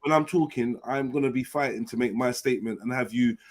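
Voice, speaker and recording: A man hosting a live online panel, insistent, cutting in, and stressing words slowly. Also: medium pitch. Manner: insistent, interrupts, slow deliberate emphasis. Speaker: panel host. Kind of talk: heated casual debate.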